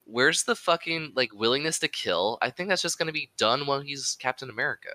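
A man's voice: medium pitch, expressive, a little fast, pushed and bright. A young man co-hosting a podcast, chatting casually with loose, rambling opinions and plenty of swearing. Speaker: podcast co-host. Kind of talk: casual chat.

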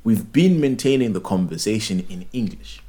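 Young man from Zimbabwe, Ndebele first language, low voice, lively pitch swings, acts out phone call voices. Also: moderate pace. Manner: animated, acts out both sides of a phone call. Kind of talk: casual storytelling chat.

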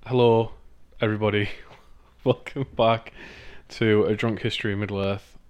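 A man's voice: fairly low pitch, flat delivery, normal speed, a little mellow, clean tone, highs cut off. A man from northeast England with a northeast English accent, co-hosting a podcast in casual chat, rambling, swearing and laughing often. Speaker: podcast co-host.

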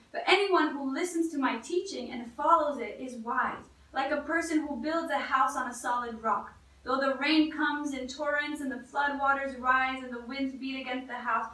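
In a church, a woman preaches an earnest sermon in a conversational way, frequently starting her phrases over. Her voice is high and bright, and the recording sounds distant and echoey, as though captured across a reverberant room.

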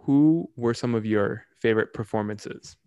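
A young man co-hosting a podcast in casual chat, talking in quick, animated bursts and laughing often. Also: mid-range voice, clean tone, no echo. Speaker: podcast co-host.

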